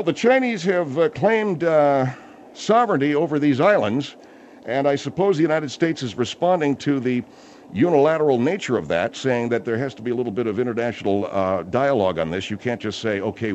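A male radio host who talks in a measured, polite way. He has a mid-range voice. The audio is dull and lo-fi, with faint hiss. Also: mid-range voice, a little mellow. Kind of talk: comedy radio bit.

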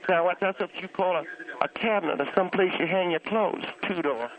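A man's voice: high-pitched, brisk, crowd noise. A man voicing a cranky, church-going elderly aunt who calls in and grumbles bluntly about everything. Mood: grumbling. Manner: blunt, grumbling, rambling complaints. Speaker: caller. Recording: tinny phone line.

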